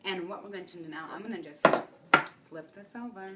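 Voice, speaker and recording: Brief: encouraging woman host, lowish voice, mic a bit far, faint noise behind. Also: fairly quick. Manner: encouraging, chatty. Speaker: baking host. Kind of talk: casual cooking demo chat.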